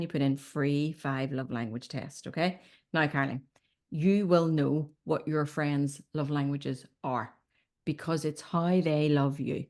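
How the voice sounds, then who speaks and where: A woman in her fifties, a relationship coach chatting as a guest and acting out little stories. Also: deep voice. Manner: animated storyteller, acts out quotes, says "okay?" often. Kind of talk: casual advice chat.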